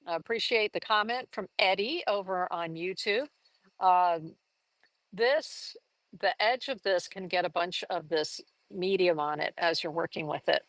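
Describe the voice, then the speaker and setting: Upbeat woman art teacher walking viewers through a live demo; slightly low voice, dry recording. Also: a bit bright, dry recording. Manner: chatty, enthusiastic, thinks aloud as she works.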